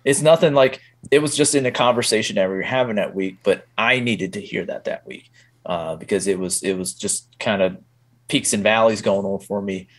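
A man's voice: lowish voice, brisk. A man talking as a podcast guest, telling stories casually and acting out what he said to himself. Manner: animated storyteller, acts out his own inner voice. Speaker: podcast guest, men's group leader. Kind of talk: casual interview chat.

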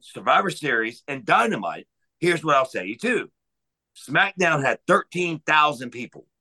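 A man's voice: mid-range voice, sharp tone, poor audio. A man on a podcast giving a heated, profane rant about pro wrestling. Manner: heated, profane, emphatic ranting.

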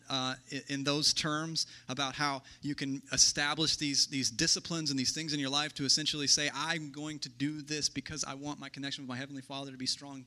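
Bright-voiced pastor preaching conversationally. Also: male voice, high voice. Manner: conversational, thinks aloud with rhetorical questions. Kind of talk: sermon.

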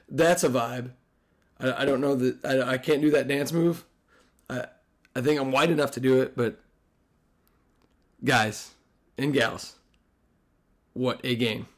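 A hoarse man hosting a casual sports podcast, excitable and profane, rambling with restarts. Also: medium pitch. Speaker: podcast host.

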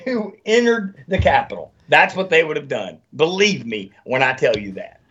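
A man hosts a casual podcast chat and rants with heavy swearing. His voice sits a little high and swings widely. The audio is dull and lo-fi. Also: moderate pace, a little hiss or hum. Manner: animated, profane ranting.

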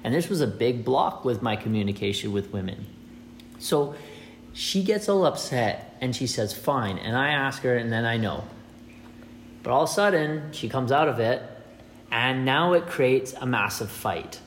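A man in a loose, rambling monologue, speaking at an ordinary middle pitch. He often restarts and repeats words as he acts out little scenes, with faint noise behind him. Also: animated, normal speed. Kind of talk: casual monologue on relationships.

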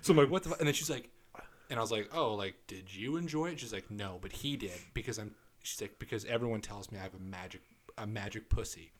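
A young man, co-hosting a casual podcast, telling crude stories with lots of swearing. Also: fast. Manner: animated storytelling, swears a lot, quotes texts in a lowered voice. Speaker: podcast co-host. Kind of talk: casual chat.

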